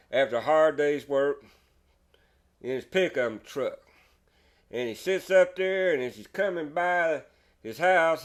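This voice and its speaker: A folksy man with a Texas drawl rambles through a joke from his woodworking shop. He chuckles at his own punchlines, and his voice sits a little higher than most men's. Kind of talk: casual storytelling.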